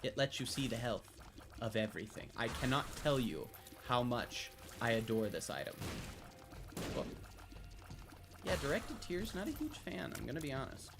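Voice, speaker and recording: A young man streaming a video game live, thinking out loud, getting excited and swearing freely as he plays. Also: mid-range voice, normal speed, background noise. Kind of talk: live gameplay commentary. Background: game music.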